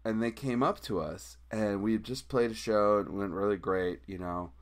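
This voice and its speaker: Guy guest on a podcast, lowish voice, animated, acts out everyone in his story. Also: moderate pace. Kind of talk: casual storytelling.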